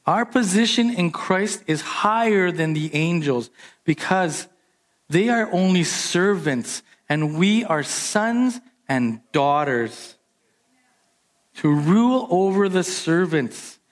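Guy preaching, kinda high voice, gets loud and punchy on the big points. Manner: animated, emphatic preaching that jumps higher in pitch on key points. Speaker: pastor. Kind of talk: sermon.

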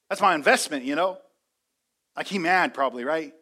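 An energetic male pastor preaching in church with a high, bright voice. He talks emphatically and leans on call-and-response. The delivery stays lively and direct. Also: normal speed, pauses often. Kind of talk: sermon.

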